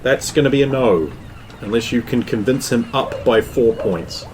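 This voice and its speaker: A man's voice: medium pitch, lively intonation, moderate pace, noisy background. A man running a tabletop game as game master, narrating loosely with many fillers.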